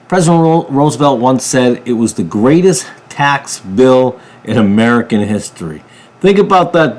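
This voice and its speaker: On a ministry channel, a male preacher delivers an emphatic political commentary. His voice jumps between loud bursts and low mutters.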